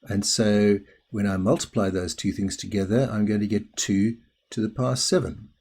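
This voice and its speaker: A middle-aged man teaching maths in a recorded lesson. His voice sits low and has a slightly husky edge. He talks casually and pokes a little fun at himself while he works through each step of the calculation. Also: steady tone, moderate pace, a little mellow. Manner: chatty, self-deprecating, explains step by step.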